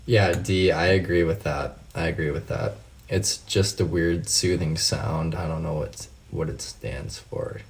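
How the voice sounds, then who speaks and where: A man's voice: extremely low pitch, fairly even intonation, measured pace, slight background noise. A man hosting a casual livestream, answering viewers' comments by name and launching into heated, profane rants. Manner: talks straight to viewers by name. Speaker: livestream host.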